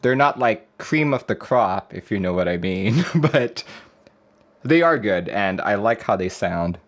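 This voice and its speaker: During a casual live stream, the host rambles, chuckles and reads out messages from viewers. His voice is on the low side, animated and unhurried.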